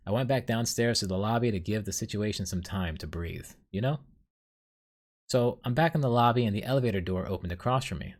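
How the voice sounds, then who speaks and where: A man with a lowish voice hosts a solo podcast. He recounts his dreams in a loose, rambling way, full of ums and likes, and often pokes fun at himself. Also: darkish tone. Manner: rambling, self-deprecating, many fillers. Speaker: podcast host. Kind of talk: casual solo storytelling.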